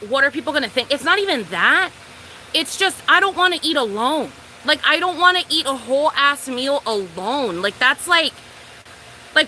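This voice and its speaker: Speaking in a high voice, a young woman animatedly relates a storytime for her vlog audience, full of profanity, voicing each side of the exchange herself. The audio is poor, with slight noise behind her.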